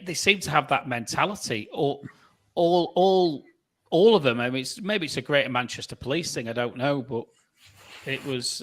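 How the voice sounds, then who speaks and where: A man's voice: mid-range voice, fairly bright tone. A man in a casual podcast chat who stammers and repeats words as he talks.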